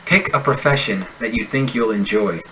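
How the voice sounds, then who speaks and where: A man with a General American accent, an accent instructor reading example sentences and single words slowly and deliberately in a pronunciation lesson. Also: on the low side, fairly bright tone, a little hiss or hum, rough recording. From United States. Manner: slow, deliberate enunciation of sample words.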